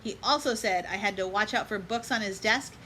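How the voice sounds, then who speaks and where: A woman reading a children's picture book aloud, stopping to give gentle life lessons to children and moms and inviting listeners to chant along. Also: medium pitch, brisk, slight background noise, rough recording. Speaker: storybook reader.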